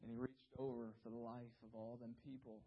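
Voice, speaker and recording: A man preaching a sermon, telling a story dramatically, dropping to hushed low tones and then rising to shouts. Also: little pitch movement, brisk, a little hiss or hum. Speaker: pastor. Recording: dull lo-fi recording.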